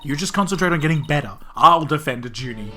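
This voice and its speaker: A streamer reading the lines of an earnest, excitable young female lawyer in a near-normal voice. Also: mid-range voice, fast talker, soft background music. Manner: read aloud in a near-normal voice.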